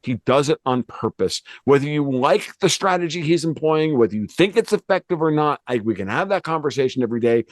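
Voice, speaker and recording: A man's voice: fairly high pitch, expressive, a little fast, few pauses, no room sound. A man from the United States, a political commentator who talks bluntly in a casual discussion, swearing and restarting his sentences.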